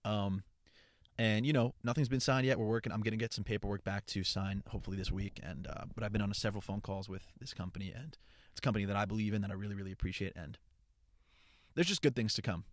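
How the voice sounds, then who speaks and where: Young man, casual chat, rambling, profane, upbeat, low voice, dry close sound. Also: fast talker, dry recording. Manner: rambling and profane, with frequent restarts; upbeat and earnest. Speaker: content creator.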